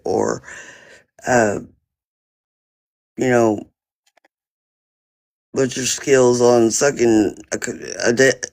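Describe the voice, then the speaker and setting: A man's voice: mid-range voice, creaky. A man on a phone live stream, rambling through an indignant, profane story about a neighbor in casual chat. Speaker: livestreamer.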